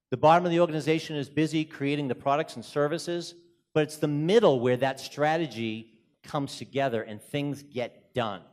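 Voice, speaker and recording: A man with a Boston accent giving an energetic, joking conference presentation in a hotel conference room. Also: on the high side. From Boston, USA. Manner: energetic, joking, moves around a lot. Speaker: conference speaker.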